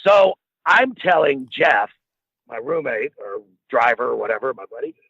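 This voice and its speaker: A man's voice: medium pitch, very animated, moderate pace, gravelly, fairly bright tone, slightly rough, no echo. A middle-aged man telling a rambling, profane anecdote in a casual way, often laughing as he goes. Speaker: storyteller guest. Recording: dull lo-fi dry recording.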